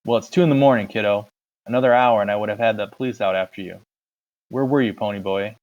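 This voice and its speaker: A man voicing an angry young older brother who shouts and scolds in a raised, strained voice, on a dull lo-fi recording. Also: medium pitch, steady tone, brisk, close to an everyday voice. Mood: scolding.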